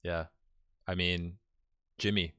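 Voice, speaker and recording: A man's voice: low voice, level tone, takes it slowly, a bit bright, clean tone, dry recording. A man co-hosting a casual chat show, joking and reading dating profiles aloud with mock drama. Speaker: podcast co-host.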